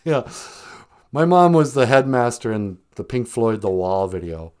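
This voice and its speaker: A man hosts a casual live stream and tells joking childhood stories. His voice swings up and down, and he speaks at a middling pitch from an outdoor back porch. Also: big pitch swings, unhurried, darkish tone. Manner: joking storyteller, laughs often. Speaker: podcast host.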